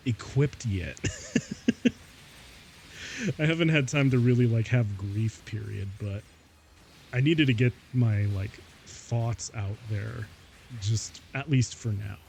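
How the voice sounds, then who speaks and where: A male streamer talks in a slow, unhurried ramble, laughing often between thoughts. His voice sits at an ordinary pitch with a mellow, relaxed tone. He leans on casual fillers like "like" and "y'all" as he chats live. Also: slight background noise. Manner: says "y'all" and "like" a lot.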